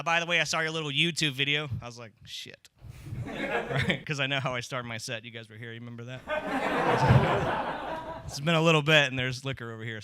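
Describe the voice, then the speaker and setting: A man's voice: on the high side, sharp tone, clean tone, no echo. A middle-aged man doing a crude, rambling stand-up set on a comedy club stage, talking into a handheld mic.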